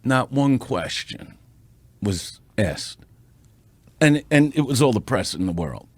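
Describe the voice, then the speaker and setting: A man, a comedian guest on a podcast, telling a showbiz story in a brash, profane, animated way, building to punchlines on a close studio mic. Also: mid-range voice, slow pace, slightly rough, no echo.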